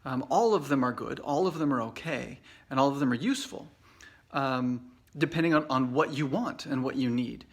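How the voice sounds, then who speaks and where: A man's voice: mid-range voice, normal speed. Chatty American man teaching English. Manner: relaxed, chatty, many fillers and restarts. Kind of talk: casual video lesson. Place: away from home at a conference trip. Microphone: Facebook Live video.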